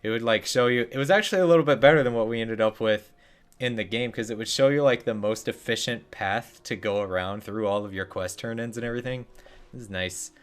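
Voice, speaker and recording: A man's voice: medium pitch, fairly quick, clear, resonant tone. A young man streaming a game, giving casual commentary full of sarcastic jokes and muttered asides.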